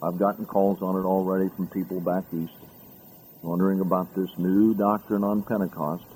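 A pastor, a man, preaching a sermon, reading scripture aloud and rising sharply in pitch to stress key words. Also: level tone, moderate pace, darkish tone, slight background noise, rough recording. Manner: reads scripture aloud, rising high with emphasis.

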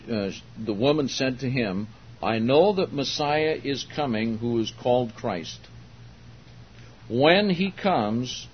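Slow-spoken older man preaching. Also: fairly low pitch. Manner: slow, deliberate, emphatic on key words, with asides to the congregation. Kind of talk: sermon, Bible teaching. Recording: dull lo-fi sermon recording with faint hiss.

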